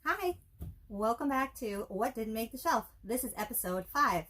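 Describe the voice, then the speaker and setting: A woman's voice: fairly high pitch, animated, moderate pace, fairly bright tone. A woman co-hosting a casual movie review show, with wry, dry joking asides. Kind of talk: casual chat.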